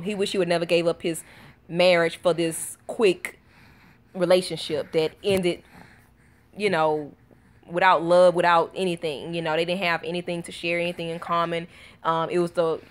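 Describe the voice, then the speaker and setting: A woman chatting casually to her viewers at home, tired after a night of little sleep, telling a story in a loose, conversational way and calling her audience y'all. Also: on the low side. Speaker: vlogger.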